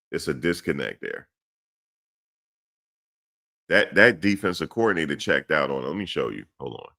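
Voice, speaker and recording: A man's voice: a bass voice, vocal fry, sharp tone. A middle-aged man giving a blunt, blustery sports rant, repeating his points and addressing the audience directly. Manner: blunt, blustery, repetitive ranting. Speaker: sports commentary host.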